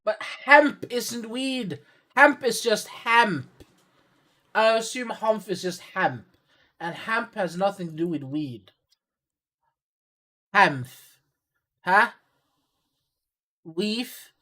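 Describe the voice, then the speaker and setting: A man's voice: high voice, lively intonation, very slow, long pauses, bright, forceful tone. Profane sarcastic male streamer. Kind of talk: livestream reaction commentary.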